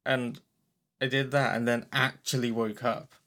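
A young man tells a story with animation, often acting out what he said. He swears casually. His pitch is in the middle range for a man. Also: a little slow. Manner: animated storyteller, acts out his own lines, swears freely.

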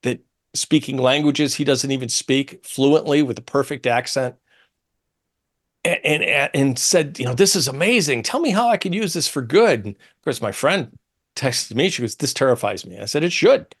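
A man's voice: medium pitch, normal speed. A man hosting a talk radio show, speaking emphatically and acting out quotes from others. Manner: animated, emphatic, quotes others in changed tones.

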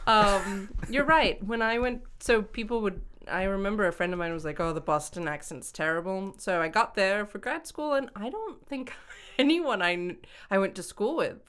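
A woman's voice: mid-range voice, normal speed, fairly bright tone. A young adult woman co-hosting a podcast, chatting casually and hedging a lot with "like" and "um". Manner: rambling, hedging with lots of "like" and "um". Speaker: podcast co-host. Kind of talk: casual chat.

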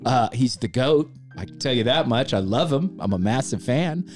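A man's voice: medium pitch, normal speed, soft background music. A man telling a story in casual podcast chat, acting out quoted lines and swearing casually. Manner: animated, acts out quoted voices, swears casually.

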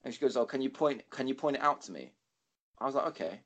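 A man, co-hosting a podcast, telling a rambling, sweary story with animated quoting. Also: mid-range voice, quick pace, lo-fi sound. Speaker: podcast co-host. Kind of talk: casual storytelling chat.

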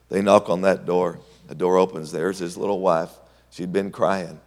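Deep-voiced male preacher in a reverberant hall. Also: normal speed. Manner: animated storytelling, swings between loud and hushed. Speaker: pastor. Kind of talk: sermon.

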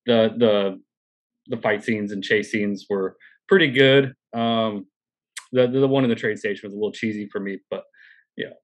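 A man with a lowish voice co-hosts a podcast, chatting loosely about a TV episode. He hedges and trails off, padding his thoughts with fillers as he works them out aloud. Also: normal speed, low-quality recording. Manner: hesitant, many fillers and trailing phrases. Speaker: podcast co-host. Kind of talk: casual discussion of a TV episode.

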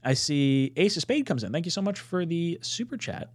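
A man's voice: fairly high pitch, sing-song, normal speed. A man hosting a casual sports podcast, talking steadily and reading out the live chat. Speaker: podcast host.

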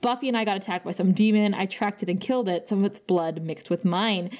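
A woman voicing a brooding male vampire in a quick, plain recap of his lines. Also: mid-range voice, darkish tone, close to an everyday voice. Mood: earnest.

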